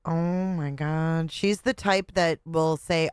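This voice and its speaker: A woman's voice: sits low, fairly even intonation, slow pace, clean tone, no echo, studio quality. A woman reacting to a clip with blunt, sarcastic commentary and frequent swearing. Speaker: reaction video host. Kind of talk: snarky commentary.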